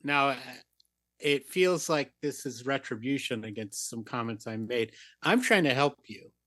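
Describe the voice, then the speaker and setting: A man's voice: mid-range voice, animated, a little slow, fairly bright tone, dry recording. Earnest actor man giving acting notes. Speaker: actor and podcast guest. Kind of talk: casual podcast chat.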